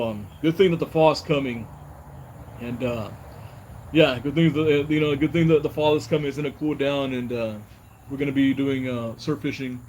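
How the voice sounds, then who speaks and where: A man's voice: a little high, darkish tone, a little hiss or hum. A young man, host of a fishing channel, talking casually in a personal vlog, rambling and repeating "you know" as he talks.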